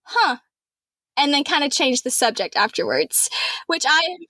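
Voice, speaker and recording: A woman with an American accent, from Alabama, telling her story in an earnest, heartfelt way. Her voice sits a little higher than most, and the pace swings between quick runs and slow, weighty phrases. The sound is close and dry, with no room around it. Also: expressive, bright, forceful tone, no room sound. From Alabama, USA. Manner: earnest, heartfelt, speeds up and slows down. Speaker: reporter, podcast guest. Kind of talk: personal travel storytelling.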